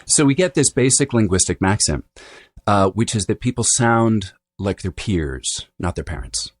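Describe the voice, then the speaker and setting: A man speaking as a dialect coach guest on a podcast, explaining in an animated, lecturing way and often checking in with "right?" and "you know". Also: lowish voice, normal speed, dry recording.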